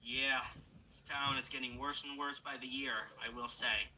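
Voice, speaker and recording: A man voicing a gruff male police engine officer in an amateur fan film, plain and matter-of-fact. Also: mid-range voice, flat delivery, moderate pace, bright, forceful tone, a little hiss or hum, poor audio. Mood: dry.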